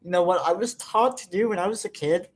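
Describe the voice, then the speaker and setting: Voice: mid-range voice, brisk. Vlogger, casual monologue, angry and profane, rambling delivery with lots of fillers. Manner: frustrated, bitter venting. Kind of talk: unscripted personal monologue.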